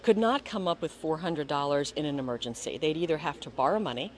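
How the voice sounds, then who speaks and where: Low-voiced earnest woman guest. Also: fast talker. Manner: earnest, emphatic, repeats phrases for stress. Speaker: interview guest, foundation leader. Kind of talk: conversational interview.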